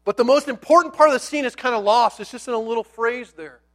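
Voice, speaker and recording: A male pastor preaching a sermon in a conversational, animated storytelling style with playful asides, dropping to a near hush on key words. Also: very high-pitched, fast.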